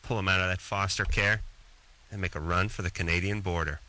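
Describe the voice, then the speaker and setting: A man's voice: sits low, fairly even intonation, brisk, bright, forceful tone. A man hosting a late-night radio call-in show, talking in a wisecracking, sarcastic and crude way. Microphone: studio microphone.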